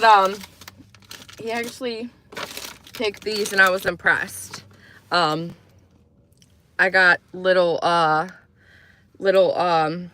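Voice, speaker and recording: A woman talking loosely and at length on a livestream, her voice bright and forward with a touch of tension. She drifts from one thought to the next and stops to answer comments from viewers. The sound is close and dry, with no room echo. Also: on the low side. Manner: rambling, chatty, reads out viewer comments. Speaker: livestream host. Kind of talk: casual livestream chat.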